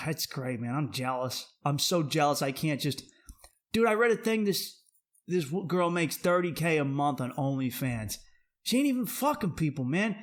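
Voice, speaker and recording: A man hosting a comedy podcast, ranting in a brash, profane and animated way and swearing freely. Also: on the high side, normal speed. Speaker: podcast host.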